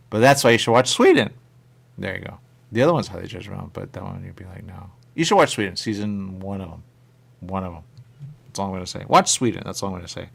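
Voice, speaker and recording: A man's voice: sits low, gravelly, husky. A male radio show host chatting casually and rambling, repeating his catchphrases. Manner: repetitive, animated, catchphrase-heavy. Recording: radio studio mic.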